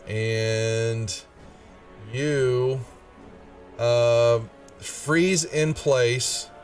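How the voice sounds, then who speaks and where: Slow-talking man running a tabletop game. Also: mid-range voice, steady tone, distant mic, soft background music. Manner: halting, thinks aloud while checking rules. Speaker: game master.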